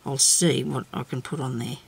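A woman hosting a casual craft tutorial, chatting and thinking aloud as she works, with soft laughs to herself. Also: extremely low pitch, fairly even intonation, moderate pace, creaky, slight background noise. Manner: rambling, chatty, thinks aloud while working.

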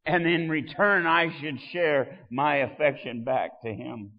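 A man preaching a sermon as pastor, swelling loud and dropping soft. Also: a little high, measured pace, in a large hall, highs cut off.

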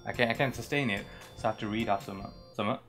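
A man's voice: on the low side, fast, fairly bright tone, faint music behind. Rambling, laughing young man chatting casually. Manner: rambling, self-deprecating, laughs often. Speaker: YouTube channel host. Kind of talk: casual chat.

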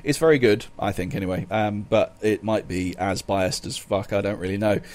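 A man's voice: fairly low pitch, normal speed, a little mellow. A man hosting a casual podcast chat, rambling along with many fillers. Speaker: podcast host.

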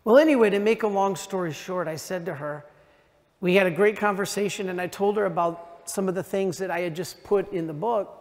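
An American Catholic man, a priest, giving a retreat talk to a congregation in lively conversational storytelling that speaks straight to the audience. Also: high voice, brisk. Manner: animated conversational storytelling, addresses the audience directly. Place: large church. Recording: reverberant church hall.

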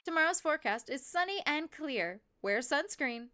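A woman's voice: sits high, expressive, moderate pace, sharp tone, no room sound, voice pushed up. A woman voicing a television weather presenter in a polished announcer delivery. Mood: formal. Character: smooth female TV weather presenter.

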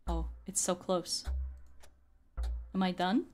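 A woman's voice: on the low side, flat delivery, takes it slowly, darkish tone, faint music behind. A woman who makes videos and ASMR, chatting casually while she plays a game, often repeating her phrases. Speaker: YouTuber and ASMR artist. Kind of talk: casual gameplay commentary.

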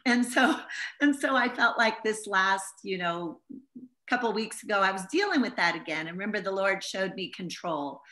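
Bright, earnest woman teaching the Bible. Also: medium pitch, animated, normal speed. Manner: earnest, heartfelt storytelling. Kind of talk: informal Bible teaching to a small group.

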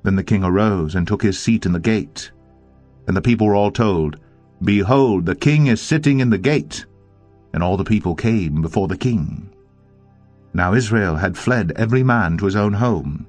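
A man reading scripture aloud in a measured, deliberate narration. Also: deep voice, a little mellow. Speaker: audio Bible narrator. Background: faint music.

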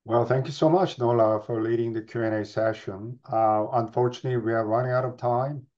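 A man's voice: medium pitch, fairly even intonation, a little fast, darkish tone, highs cut off. A man hosting a webinar, giving formal, courteous closing remarks. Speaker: webinar host.

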